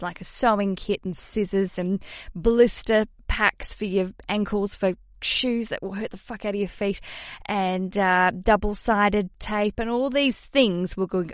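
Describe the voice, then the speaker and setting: A woman's voice: medium pitch, dry recording, studio quality. Chatty Australian woman podcast host. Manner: chatty, self-mocking, swears casually. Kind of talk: casual solo podcast chat.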